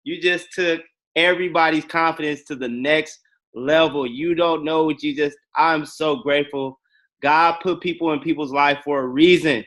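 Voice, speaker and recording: A man hosting a group call, gushing and excitable with slangy talk. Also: a little high, moderate pace. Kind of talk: casual chat.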